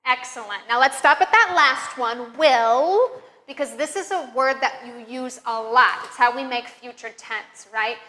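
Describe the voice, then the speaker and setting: A woman teaching English pronunciation, leading slow, careful drills with encouraging praise. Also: sits high, sharp tone. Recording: long reverb, room echo.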